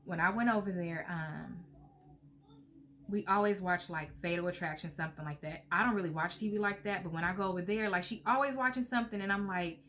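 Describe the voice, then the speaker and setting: A woman's voice: moderate pace, slight background noise. A middle-aged woman vlogging to camera in a heartfelt, earnest way, at times close to tears. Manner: heartfelt, earnest, lively pitch swings. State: emotional, near tears at times. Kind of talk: casual talk to camera.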